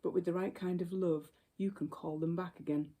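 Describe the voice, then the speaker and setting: Small scruffy dandelion voiced by a woman, modest, soft, low mellow voice, storybook. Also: steady tone, fairly quick, close to an everyday voice. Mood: wistful.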